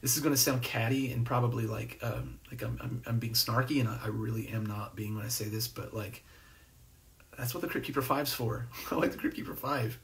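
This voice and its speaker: A host from New Jersey chats on a live stream, reading comments aloud in a rambling, laid-back way packed with "um," fillers and false starts. His ordinary middle-pitched voice is fairly quick and creaky. He sits a little way from the phone or webcam mic, so the sound is distant and sits back in the room.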